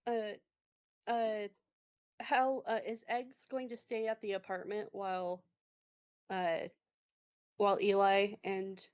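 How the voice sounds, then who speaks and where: A woman's voice: mid-range voice, level tone, slow, long pauses, smooth. A woman narrating as game master of a tabletop game, hesitant and full of fillers.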